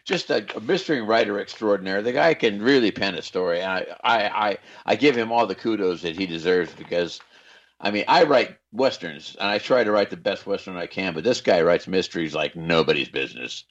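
A low-voiced man hosting talk radio in a folksy, chatty way. The sound is slightly dull and lo-fi. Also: fairly quick. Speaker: radio host.

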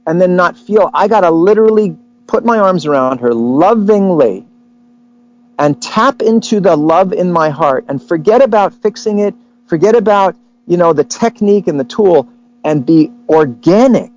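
A man hosts a casual talk, telling anecdotes in an animated way and jumping into voices for the people he quotes. His voice sits a little high for a man. The recording sounds dull and lo-fi. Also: normal speed. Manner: animated storyteller, acts out quotes. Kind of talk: casual chat about relationships.

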